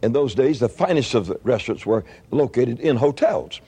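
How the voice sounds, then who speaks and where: Older male preacher, storytelling sermon, lively pitch, warm husky tone. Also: normal speed. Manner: folksy storytelling with frequent restarts.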